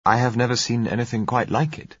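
A man voicing a frank, reflective managing director of a company, speaking in a measured way. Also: medium pitch, steady tone, husky, muffled recording, voice pushed up, close to an everyday voice. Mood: thoughtful. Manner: measured, thoughtful.

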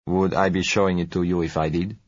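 Suave courteous oil dealer, voiced by a man, very low voice, slow and gentle, husky tone. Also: little pitch movement, no room sound, muffled recording. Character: suave, polite foreign oil dealer, male.

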